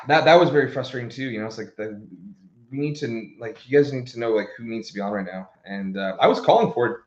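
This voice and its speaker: A man co-hosting a football podcast, telling a match story in animated casual chat with restarts and swearing. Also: mid-range voice, fast. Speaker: podcast co-host. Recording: roomy, dull lo-fi sound.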